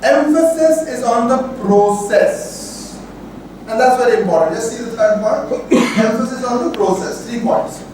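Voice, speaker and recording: A man's voice: extremely high pitch, a little slow, a little mellow, a little hiss or hum. A man with a Bengali Indian English accent gives a workshop lecture, stressing key points with many fillers and repeated phrases. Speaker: workshop instructor. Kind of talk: classroom lecture. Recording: echoey hall, mic far off.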